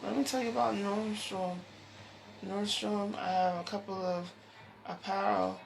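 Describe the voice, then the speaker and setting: A woman hosting her own talk show, rambling from topic to topic, restarting phrases and laughing softly. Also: medium pitch, steady tone, measured pace, creaky, background noise. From United States. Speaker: show host.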